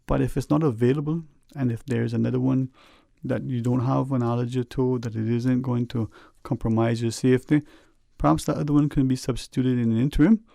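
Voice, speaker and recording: A man's voice: mid-range voice, fairly even intonation, a little fast, gravelly, hardly any pauses, warm tone, no echo. A man hosting a radio talk show, rambling and folksy with lots of "you know", earnestly advising listeners from a studio microphone.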